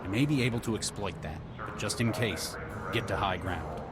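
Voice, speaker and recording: Man voicing a Texan negotiator doctor, low voice, measured, persuasive, game music behind. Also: lightly acted. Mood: steady. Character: calm middle-aged male negotiator doctor.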